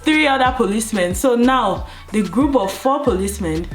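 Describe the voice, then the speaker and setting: A young Nigerian woman with a Nigerian accent tells a story to camera in a casual, animated way, mimicking other people's voices as she goes. Faint music plays softly in the background. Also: normal speed. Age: young adult. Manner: animated, acts out police voices in higher pitch. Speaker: vlogger.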